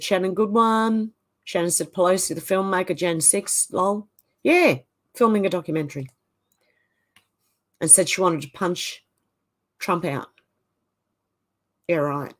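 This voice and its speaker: A woman with an Australian accent hosts a livestream and reads viewer comments aloud, answering them in a casual, chatty way. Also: lowish voice. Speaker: livestream host.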